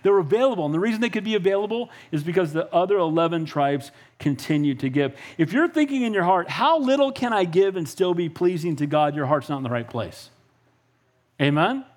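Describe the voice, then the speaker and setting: A middle-aged man preaches with a high, bright voice that climbs and dips as he drives his points home. He keeps checking in with the congregation, calling for amens between lines. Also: a little fast. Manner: animated preaching with frequent call-outs for amen. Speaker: pastor. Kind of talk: sermon.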